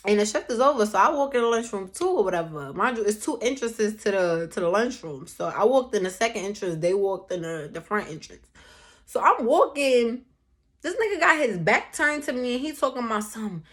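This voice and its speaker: Woman vlogger, slightly high voice, heated, profane storytelling. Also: expressive, fairly quick. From Brooklyn, New York. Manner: blunt, profane, heated retelling. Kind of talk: casual storytime.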